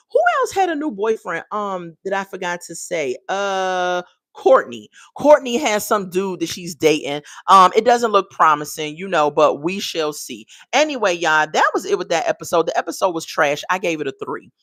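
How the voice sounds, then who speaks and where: A woman's voice: mid-range voice, fairly bright tone, no room sound, studio quality. A woman giving a casual, sassy and exasperated video review, talking straight to her viewers. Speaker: TV show reviewer.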